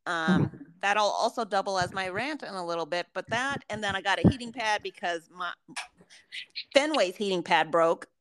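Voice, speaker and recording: A woman's voice: medium pitch, expressive, moderate pace, a bit bright, a little hiss or hum, low-quality recording. A woman co-hosting a podcast in casual chat, teasing her partner and asking questions. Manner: teasing, asks follow-up questions. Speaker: podcast co-host.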